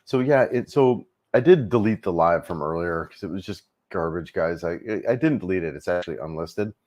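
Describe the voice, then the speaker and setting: A man's voice: sits low, lively intonation, a little fast, a little mellow. A middle-aged man hosting a casual travel livestream, rambling easily with lots of fillers and restarts.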